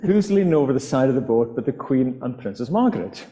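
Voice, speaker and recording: A Scottish man from the Outer Hebrides spins stories on stage, hesitating with fillers and restarts. His voice is mellow and warm, carried by a live mic into a long-echoing hall. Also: medium pitch, sing-song, quick pace. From Outer Hebrides, Scotland. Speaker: author and guest speaker. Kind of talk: storytelling talk to a live audience. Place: festival hall.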